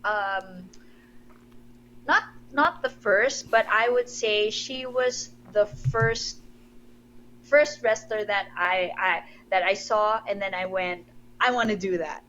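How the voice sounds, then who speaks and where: A woman's voice: medium pitch, takes it slowly, bright, forceful tone, dull audio, slight background noise. A young woman from the Philippines, a wrestler guest in a casual interview, talking with enthusiasm and giggles and often restarting her sentences.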